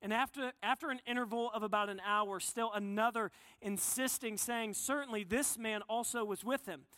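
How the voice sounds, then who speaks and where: A man with a high, bright voice preaches in an earnest, conversational way, often stopping to restart his sentences. His voice carries a long reverb that trails off in the hall around him. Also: steady tone, normal speed, clean tone. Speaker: pastor. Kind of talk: sermon.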